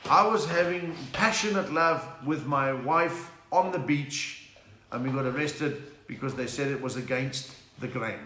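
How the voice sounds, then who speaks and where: A man's voice: medium pitch, unhurried, bright, forceful tone, slight background noise. A South African man hosting a live stream from home, chatting casually, punning and reading out viewers' names. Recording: echoey room.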